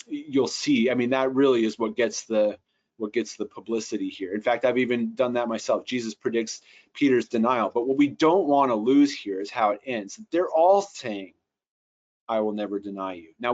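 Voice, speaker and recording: A man's voice: mid-range voice, muffled recording. Man thinking aloud through a lesson. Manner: thinks aloud, many restarts and fillers. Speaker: Bible software trainer. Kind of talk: teaching translation notes.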